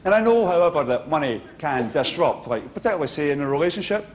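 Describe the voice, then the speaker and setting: A man's voice: a little high, fast talker, slight background noise. A middle-aged man with a Glaswegian accent doing a stand-up routine, acting out the voices and exchanges in his stories. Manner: animated, acts out voices and exchanges. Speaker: stand-up comedian.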